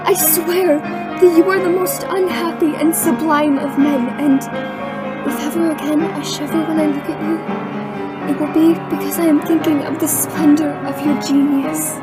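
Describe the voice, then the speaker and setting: Lady playing a haunted young woman telling her story, high but mellow voice, soft music behind. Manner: hushed, haunted recounting, rising into frantic cries. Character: young woman recalling a terrifying captivity. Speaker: actress narrating in a student short film. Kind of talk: dramatic storytelling narration.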